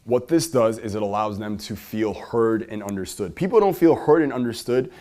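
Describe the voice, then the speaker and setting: A man speaks in a lowish voice while he teaches a live audience in a room. He is energetic and keeps asking the crowd questions. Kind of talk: live seminar talk to an audience.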